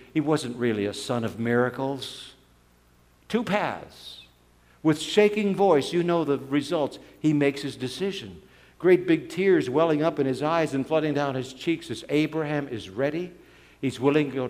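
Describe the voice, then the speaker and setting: A man preaching a sermon as a dramatic story, swinging between loud and soft. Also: a little high, lively intonation, normal speed. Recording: long hall reverb.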